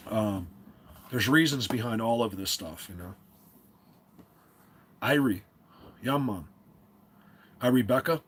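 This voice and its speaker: A man's voice: mid-range voice, slightly rough. A man from New Jersey hosting a casual livestream, rambling along with lots of fillers and restarts. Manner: rambling, filler-heavy, self-interrupting. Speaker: livestream host.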